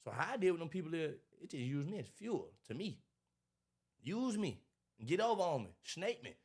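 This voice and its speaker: A man, talking in a casual interview about his life, animated and preachy, acting out what others say. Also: on the high side, moderate pace, slightly rough. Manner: animated, preachy storytelling with acted-out quotes. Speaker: podcast guest, motivational speaker.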